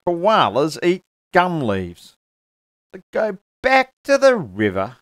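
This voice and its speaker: A sensible quandong tree explains the facts in a raised, slow, firm voice, as a man reading a storybook puts it on. The sound is dry and close. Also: high-pitched, huge pitch swings, a bit bright, no echo, voice pushed up, exaggerated voice.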